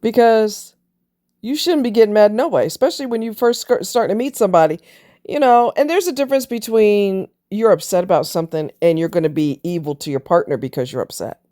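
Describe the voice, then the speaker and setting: A relationship commentator delivers an opinionated monologue on relationships that's blunt, emphatic, and preachy, with casual swearing as she makes her points. Her mid-range voice is warm and moves fairly quick.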